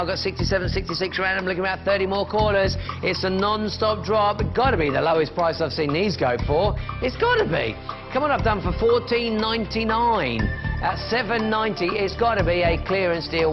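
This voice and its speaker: A man hosts a live TV shopping pitch, chatting and calling out falling prices. His voice sits a little high for a man. The broadcast sound is dull and lo-fi, with music clearly playing underneath. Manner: chatty, upbeat, counting down prices. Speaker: shopping channel presenter.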